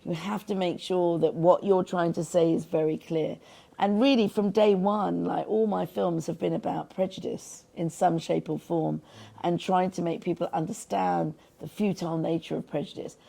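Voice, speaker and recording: A middle-aged woman, a film director appearing as an interview guest, speaks earnestly at a moderate pace. Her voice is fairly low, steady, gravelly and warm, and she tells stories using quoted voices.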